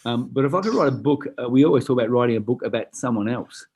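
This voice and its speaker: Australian guy, rapid-fire husky storyteller, cusses and does the voices. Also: mid-range voice. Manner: animated, swears freely, acts out voices in his stories. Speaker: guest, retired boxer. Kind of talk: casual storytelling.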